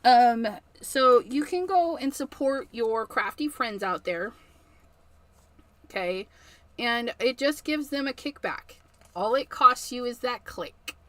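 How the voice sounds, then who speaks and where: Woman, middle-aged craft livestream host: high, bright voice, unhurried and chatty, laughing often. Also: lively intonation. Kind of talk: casual livestream chat.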